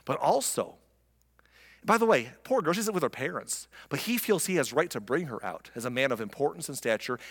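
A man preaching in a casual, wry tone that sounds like storytelling, with a somewhat high voice. His words carry a long reverb, as in a big sanctuary. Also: fairly bright tone. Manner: conversational, wry, acts out the characters. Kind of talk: sermon retelling scripture. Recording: long reverb of a large room.

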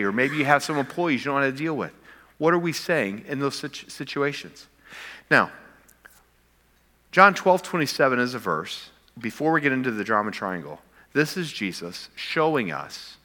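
Bright-voiced preacher man in a big hall. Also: mid-range voice. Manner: animated preaching that climbs to emphatic peaks and drops to quiet intensity. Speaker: pastor. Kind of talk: sermon. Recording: long reverb of a large hall.

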